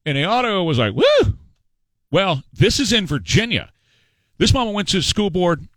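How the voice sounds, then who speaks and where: A man hosting a talk radio show, talking in an animated, repetitive, folksy way. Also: sits high, brisk, no echo, rough recording.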